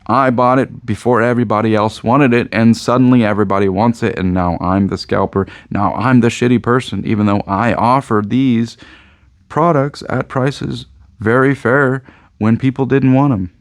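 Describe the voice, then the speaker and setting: A man's voice: mid-range voice, fairly even intonation, moderate pace, no room sound, clean studio sound. A man with a Midwestern American accent, a card shop owner rambling casually to camera, joking and repeating himself. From Indiana, USA.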